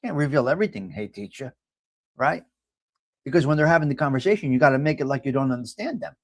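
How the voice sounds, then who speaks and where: A man's voice: medium pitch, animated, fast talker, no echo. A man with a New York accent hosting a casual morning chat, rambling and repeating himself as he reads a horoscope and talks to viewers. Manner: rambling, repetitive and chatty, often addresses viewers by name. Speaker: host.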